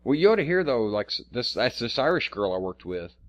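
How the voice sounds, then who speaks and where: A man's voice: medium pitch, sing-song, brisk. Rambling, cursing man. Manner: rambling, profane, stammers and restarts. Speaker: podcast co-host. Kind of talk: casual chat.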